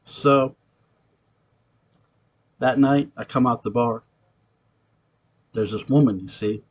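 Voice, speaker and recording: In an acted monologue, a gritty New York ex-con recounts a ghostly encounter. His voice is mid-range and slow, and his manner is streetwise and profane.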